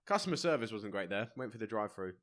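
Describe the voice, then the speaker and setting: A man's voice: lowish voice, big pitch swings, quick pace, a bit bright. A young English man co-hosting a podcast, ranting in blunt, jokey banter. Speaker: podcast co-host. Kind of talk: casual banter.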